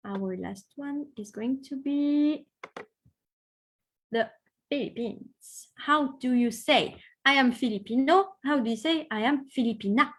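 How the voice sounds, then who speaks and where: Woman teaching a class. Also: high-pitched. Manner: encouraging, reads out student comments, models French pronunciation slowly. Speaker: French teacher. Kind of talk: online language class.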